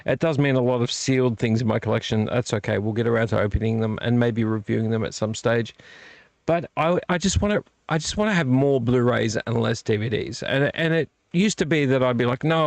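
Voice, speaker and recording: A man's voice: mid-range voice, creaky, dry recording. A middle-aged man hosting a casual late-night live vlog, tired and yawning, rambling and correcting himself as he chats with viewers at his desk microphone. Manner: rambling, self-correcting, chatty with live chat. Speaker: vlog host. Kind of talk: casual live-stream chat. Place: home collection room.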